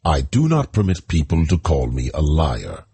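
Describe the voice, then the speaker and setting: An army colonel speaks with stiff, formal courtesy. His voice is very low and husky, with lively intonation, as a man reads him. The delivery is slow and dark. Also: no room sound, exaggerated voice.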